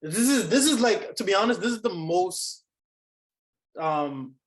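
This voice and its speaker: A man's voice: high voice, expressive, unhurried, rough recording. A man called Coach on a casual sports podcast, thinking aloud in a hesitant way and repeating phrases.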